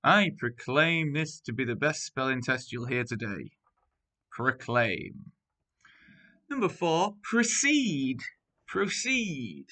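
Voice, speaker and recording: A man's voice: medium pitch, sing-song, sharp tone. A man teaching primary school, reading out a spelling test word by word with example sentences. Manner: clear, deliberate word-by-word dictation with example sentences.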